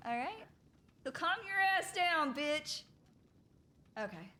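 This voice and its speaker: Woman streamer, casual and giggly, bouncy pitch, a little high. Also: slow, a little hiss or hum. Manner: animated and giggly, chatting to viewers. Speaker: streamer roleplaying a deputy.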